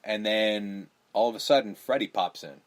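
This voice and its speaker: A man's voice: fairly low pitch, moderate pace. A man hosting a podcast, casually recapping a horror movie with lots of swearing and acted-out lines. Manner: profane, animated, acts out movie lines. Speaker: podcast host.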